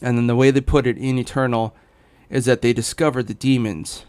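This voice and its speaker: Rambling man with a smooth voice. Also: medium pitch, steady tone, a little fast, a little mellow. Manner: rambling, full of fillers and restarts. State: hiccuping. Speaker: gaming streamer. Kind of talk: casual rambling chat. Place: home in Los Angeles.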